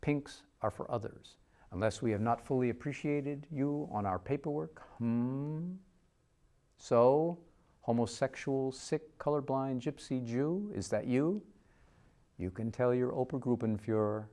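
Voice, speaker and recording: A man's voice: mid-range voice, measured pace, mellow, natural voice. A man doing a cold, mocking old camp officer.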